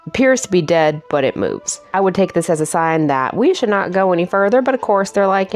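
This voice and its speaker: A woman's voice: fairly low pitch, sing-song, fairly quick, hardly any pauses, faint music behind. A woman giving a casual, chatty movie review, self-mocking and laughing at her own jokes.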